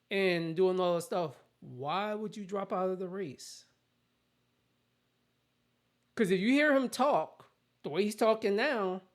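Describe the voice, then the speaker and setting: A host delivering casual political commentary in a blunt, opinionated rant. The voice sits in a middle pitch and talks in plain everyday terms. Sentences often break off and start again.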